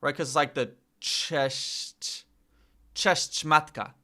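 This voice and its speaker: Man, streamer, casual chat, slow, bright tone, repetitive drilling, self-mocking. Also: on the high side. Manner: slow, repeats sounds over and over while practising; reads chat aloud, chatty and self-mocking. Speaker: streamer learning a language.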